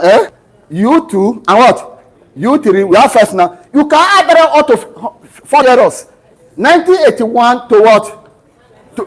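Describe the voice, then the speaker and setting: A middle-aged Nigerian lecturer in a lecture room, his voice sitting very high for a man and leaping up and down with animated energy. He keeps prompting the class with open-ended questions and pauses for them to fill in the blanks. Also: breathy edge, low-quality recording. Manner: drills students with fill-in-the-blank questions ending in "what?"; teaches through homely family anecdotes. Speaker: university lecturer.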